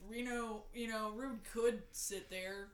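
A woman chatting casually about a video game, excitable and laughing often as she acts out lines. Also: on the high side, slow, reverberant.

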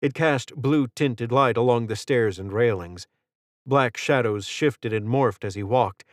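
A man reading an audiobook narration in a steady, measured way. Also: medium pitch, dry recording, studio quality. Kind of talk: scripted narration.

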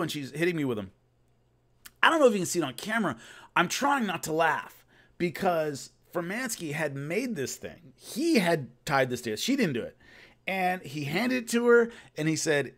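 A man's voice: fairly high pitch, big pitch swings, moderate pace, fairly bright tone. A man casually telling a long rambling story about filming, with many restarts. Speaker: host recalling filming a fight show.

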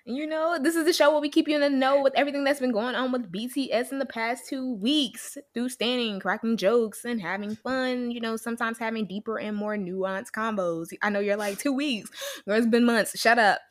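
A woman's voice: fairly high pitch, fairly even intonation, fairly quick, hardly any pauses. A woman co-hosting a podcast, joking and playful in casual chat. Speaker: podcast co-host.

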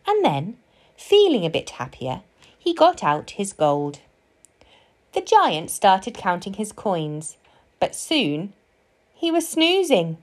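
Woman storybook reader, slow, expressive, melodic read-aloud. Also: medium pitch. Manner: slow, sing-song and expressive.

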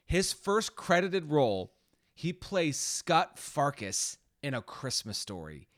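Animated man hosting a movie podcast. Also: a little high, slow, no echo, studio quality. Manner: animated, swears casually, reads out stats. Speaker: podcast co-host. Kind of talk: casual movie podcast chat.

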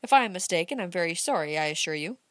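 A woman's voice: lowish voice, expressive, fast talker, dry recording, clean studio sound, lightly acted. A woman reading aloud, voicing a flustered, earnest young man who stammers. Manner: hesitant, stammering.

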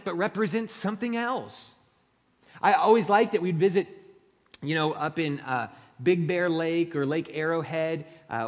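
High-voiced man preaching in a reverberant hall. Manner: swings from loud emphatic build-ups to quiet earnest asides. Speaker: pastor. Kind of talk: sermon. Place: church sanctuary.

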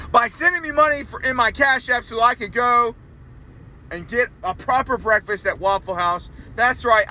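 A young man hosting a solo podcast, ranting in a profane, exasperated way and jumping into loud high outbursts. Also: a little hiss or hum, poor audio. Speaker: podcast host.

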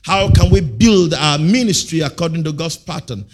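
Pastor preaching call-and-response. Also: male voice, a little high, lively intonation. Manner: call-and-response preaching, leaving blanks for the congregation; emphatic, with sudden loud, drawn-out bursts. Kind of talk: sermon.

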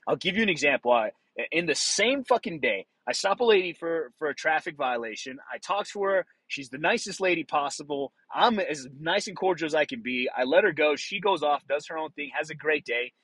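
Blunt, profane man with husky voice. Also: a little high, animated, brisk, fairly bright tone, dry recording, rough recording. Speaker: former police officer. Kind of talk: casual monologue.

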